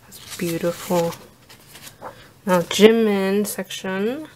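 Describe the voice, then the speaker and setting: A woman vlogger narrating an unboxing, gushing with awed exclamations and soft asides. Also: mid-range voice, extremely slow, a little hiss or hum.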